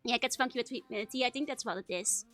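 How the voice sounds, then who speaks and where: A woman's voice: fairly high pitch, fast, a bit bright, faint music behind. A woman streamer chatting casually while she reads an old childhood comic, laughing often between filler words.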